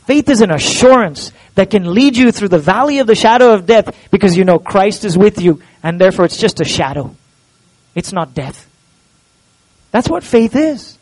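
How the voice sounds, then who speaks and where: A man's voice: high-pitched, expressive, normal speed, a little mellow, rough recording. A male pastor preaching a sermon in a church, earnest and full of rhetorical questions to the congregation.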